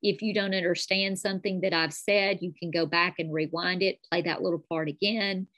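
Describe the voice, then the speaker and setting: A woman with a strong North Alabama accent, a calligraphy teacher chatting as a podcast guest, telling stories in an animated way. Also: fairly low pitch, fairly quick, dry recording. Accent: North Alabama Southern. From North Alabama, USA. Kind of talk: casual interview chat.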